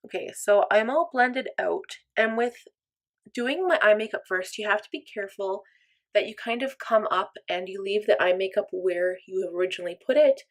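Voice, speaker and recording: A young woman chatting through a makeup tutorial in an upbeat, chatty, self-deprecating way. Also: medium pitch. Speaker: makeup vlogger. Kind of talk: casual makeup tutorial chat.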